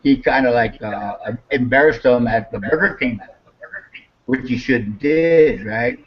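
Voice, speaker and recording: Man, casual storytelling, swears a lot, husky, muffled lo-fi sound. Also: mid-range voice, unhurried. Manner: animated, swears a lot, acts out quotes with raised voice.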